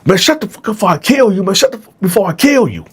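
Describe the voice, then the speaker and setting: Man doing a rough, fast-talking menacing inmate. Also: extremely high pitch, pitched above the performer's own voice.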